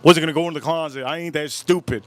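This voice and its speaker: Man telling a spooky story, animated. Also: on the high side, quick pace. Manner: animated, repetitive, keeps breaking off about goosebumps. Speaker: whiskey channel host. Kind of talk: casual livestream storytelling. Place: home, live stream.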